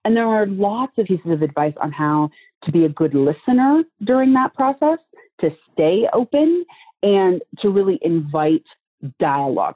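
A woman speaking as a guest on a podcast, earnest and reflective, explaining advice with everyday images. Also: lowish voice. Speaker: guest, communication trainer. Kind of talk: podcast conversation. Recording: tinny phone-like line.

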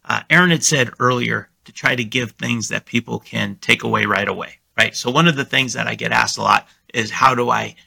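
Male guest, confident salesman type, gravelly edge to a sharp bright voice, remote call. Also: fairly quick, few pauses, no room sound. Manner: confident, salesy, demonstrates his pitch. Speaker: real estate agent guest. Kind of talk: conversational podcast interview.

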